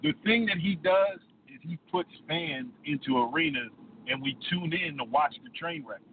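Relaxed man on a hissy phone line. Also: fairly high pitch, normal speed. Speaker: podcast co-host. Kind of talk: casual sports debate. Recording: tinny phone line with faint hiss.

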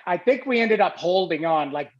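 A man with a high voice tells an animated, rambling story in casual chat, often restarting his sentences. The recording has a dull, lo-fi quality. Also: normal speed. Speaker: former hockey goalie, guest.

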